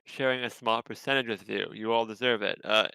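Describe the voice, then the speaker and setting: A man co-hosting a livestream, speaking calmly and plainly. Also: fairly low pitch, a little fast, creaky, clear, resonant tone, no room sound, low-quality recording. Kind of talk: casual livestream chat.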